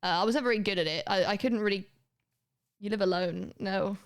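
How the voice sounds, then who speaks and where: A woman's voice: medium pitch, brisk, clear, resonant tone. Chatty woman game streamer. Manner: chatty and rambling, swears casually. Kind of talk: casual gaming commentary.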